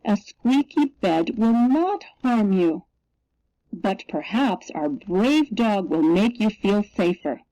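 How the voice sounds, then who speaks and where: A woman doing a calm soothing storybook mother. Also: mid-range voice, slow, no echo. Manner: soothing, patient. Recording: dull lo-fi recording.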